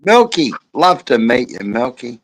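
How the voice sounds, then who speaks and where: A man's voice: medium pitch, big pitch swings, a little slow, dry recording, rough recording. An Australian man joking as a guest on a live stream, full of slang and heavy swearing. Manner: crude banter, heavy swearing, Aussie slang. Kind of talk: casual live stream chat.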